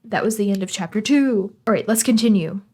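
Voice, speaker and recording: A woman's voice: mid-range voice, mellow, breathy edge. A young woman reading a visual novel aloud and adding sarcastic, chatty jokes between lines. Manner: sarcastic, chatty, quick asides. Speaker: gaming channel host.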